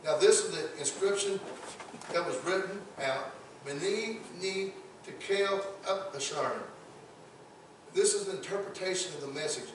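A pastor with a fairly high voice delivers a sermon in a big church sanctuary, heard from some way off the mic. The room is very echoey, with faint noise underneath. He preaches emphatically and often repeats words as he works up to a point. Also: expressive, unhurried, distant mic.

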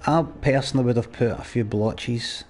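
A man's voice: mid-range voice, normal speed, darkish tone, faint music behind. A Scottish man chatting and ranting as he plays a game, swearing freely. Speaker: gamer. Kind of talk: let's play commentary.

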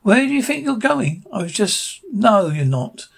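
Guy doing a bossy cartoon starfish buddy, gravelly, pushy. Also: high-pitched, very animated, unhurried, exaggerated voice. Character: pushy male starfish best friend.

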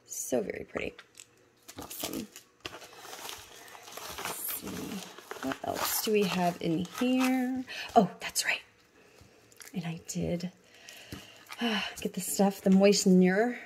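A woman hosts a casual budgeting vlog at a middle pitch. She gushes over each item and fills her pauses with ums. A faint noise sits under her voice. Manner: gushing and excitable, with many ums. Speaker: budgeting channel host.

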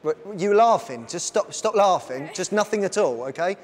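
A man presenting a live science show on stage, energetically bossing volunteers around and shouting instructions. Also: high voice, animated, normal speed. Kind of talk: lively live science demonstration.

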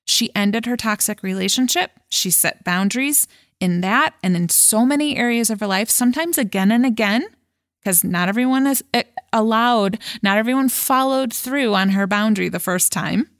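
Woman, motivational podcast host, casual and dramatic, a bit high voice, dead dry sound. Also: normal speed, no echo. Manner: lively and dramatic, acting out worried thoughts with swings in pitch and pace; casual and frank, with a chuckle now and then. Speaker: podcast host and life coach.

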